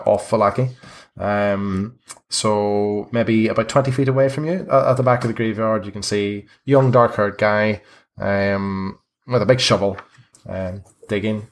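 A man narrating as game master of a tabletop game, relaxed and full of hesitant fillers. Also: fairly low pitch.

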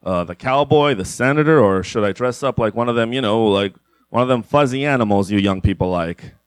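A man voicing a lonely older man who rambles and stammers in halting bursts. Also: mid-range voice, clean tone, no room sound, natural voice. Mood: bitter. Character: lonely old man with a cursed libido.

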